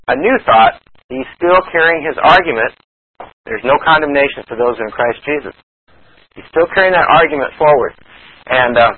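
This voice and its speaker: A man leads a verse-by-verse Bible study, his voice husky and of middle pitch. He explains carefully, pausing with fillers, and reads scripture aloud slowly. The recording is thin and phone-like. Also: no echo. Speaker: Bible teacher.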